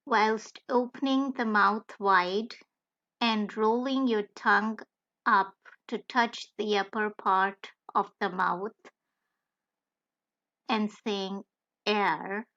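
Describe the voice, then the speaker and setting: A woman narrating a beginner language tutorial, careful and deliberate, spelling out letters one by one. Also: on the high side, pushed and bright, dull audio. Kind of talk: slow scripted tutorial narration.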